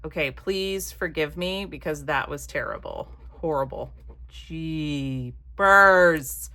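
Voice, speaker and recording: Lady crafting at home, kinda low voice, just chatting and rambling, mutters stuff under her breath. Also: moderate pace, a bit bright. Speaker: craft vlogger. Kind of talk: casual chat while crafting.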